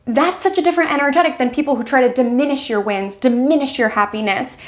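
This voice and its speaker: A woman astrologer gives a chatty, casual weekly horoscope talk in a high voice at a quick pace. She acts out quoted friends and fills her speech with "like."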